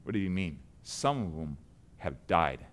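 A middle-aged man preaching a sermon, earnest and building to loud emphatic peaks. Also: sits low, expressive, unhurried.

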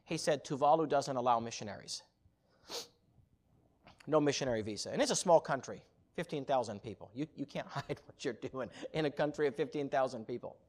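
A man preaching a sermon as a missionary, telling a story with animated, rising passion. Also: mid-range voice, brisk.

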